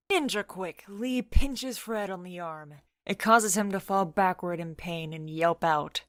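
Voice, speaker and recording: A woman narrating a storybook in a steady, even reading voice. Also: lowish voice, measured pace, hardly any pauses, no echo.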